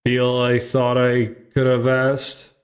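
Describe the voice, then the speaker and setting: A blunt man in casual podcast chat who swears freely. He speaks slowly, at a middle pitch, mostly in short reactions. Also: monotone.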